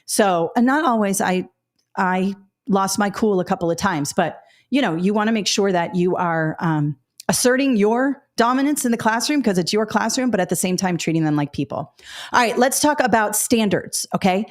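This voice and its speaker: A woman's voice: mid-range voice, moderate pace. A middle-aged woman hosting a live teaching webinar, talking directly and casually with frequent fillers. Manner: chatty, direct, many fillers and asides. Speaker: education webinar host.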